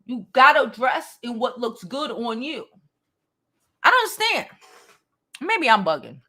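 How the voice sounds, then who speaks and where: A woman's voice: fairly high pitch, big pitch swings, moderate pace, pushed and bright. A woman in her forties hosting a beauty livestream, reading out comments and replying bluntly and directly, swearing freely. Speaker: beauty channel host.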